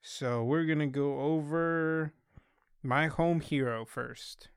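A man's voice: on the high side, slow, clear, resonant tone, no room sound, studio quality. A man hosting a casual podcast, talking in a loose, rambling way with plenty of swearing. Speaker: podcast host.

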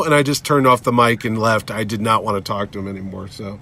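Animated storytelling man. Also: fairly low pitch, quick pace. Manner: acts out quoted people in shifting voices, rambling and animated. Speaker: podcast host. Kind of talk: casual chat, animated storytelling.

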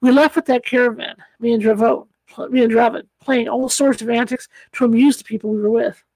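A ragged old male adventurer, worn down and desperate, his words faltering and whimpering, as a woman reads him aloud in an audiobook. The voice sits fairly high and comes across in a close, dry recording. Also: fairly even intonation, fairly quick, darkish tone, dry recording, low-quality recording. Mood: reminiscing. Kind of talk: audiobook reading.

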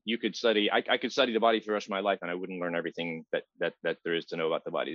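A man's voice: fairly low pitch, a bit bright, no room sound. Male guest, anatomy teacher, patient explainer, slightly lo-fi and dry. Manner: measured, explanatory, some repeated words. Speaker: guest, massage therapist and teacher. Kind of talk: casual interview.

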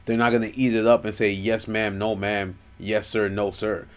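Male podcast co-host, lowish voice, easygoing, reflective. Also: normal speed, smooth. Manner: relaxed, laughs often, reflective opinions. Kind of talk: casual chat.

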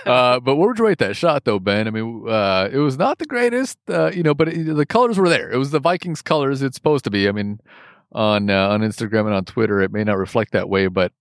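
Man, quick and rambling, teasing co-host, dry close sound. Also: medium pitch, expressive, no echo. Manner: rambling, teasing, many fillers. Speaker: podcast co-host. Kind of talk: casual chat.

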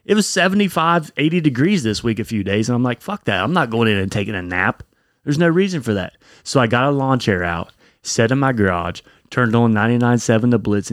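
Animated, swearing young man telling a story. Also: fairly low pitch, no echo, studio quality. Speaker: podcast co-host. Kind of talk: casual chat.

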